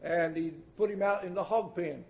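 A high-pitched male preacher delivers a sermon, folksy and emphatic, dropping from loud declaiming into hushed asides. His voice rings through a roomy church. The old recording sounds muffled and dull. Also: normal speed, vocal fry. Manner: folksy and emphatic, repeats words for effect.

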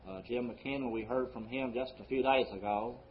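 A male pastor preaching a sermon, swinging between loud emphasis and quiet low phrases, slowing down on scripture quotes. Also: fairly even intonation, dull audio, slight background noise.

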